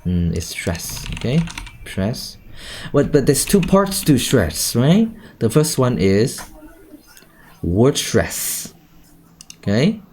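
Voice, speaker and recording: A man's voice: mid-range voice, wildly swooping pitch, slow pace, pauses often, a little mellow. A male English teacher, teaching an online class over a video call and checking in with "okay?" and "right?" all the time. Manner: questioning, repeats "okay?" and "right?".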